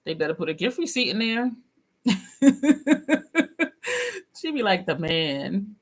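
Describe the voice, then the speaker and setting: A woman's voice: fairly high pitch, very animated, slow pace, breathy edge. A woman vlogger chatting casually, reading comments and laughing often. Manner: chatty, laughs often, drops into quoted voices. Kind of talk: casual chat with live comments.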